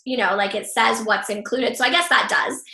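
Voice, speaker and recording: A woman's voice: on the high side, fairly even intonation, normal speed, creaky, pushed and bright. A woman leading an online training call for her group, upbeat and encouraging with loose fillers, her voice a little worn. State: slightly losing her voice. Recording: echoey room.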